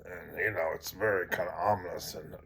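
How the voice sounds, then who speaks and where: A man's voice: low voice, fairly even intonation, a little fast, gravelly, pushed and bright, breathy edge. A man teaching by telling a story in a rambling way with many fillers, sometimes dropping to a near-whisper. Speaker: teacher of tantric practice.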